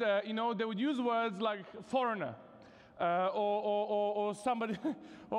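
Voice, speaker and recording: A man from Serbia with a Serbian accent, preaching a sermon in a conversational, humorous way with many casual fillers. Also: high voice. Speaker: guest preacher. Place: chapel hall at a university vespers service. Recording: long reverb of a large hall.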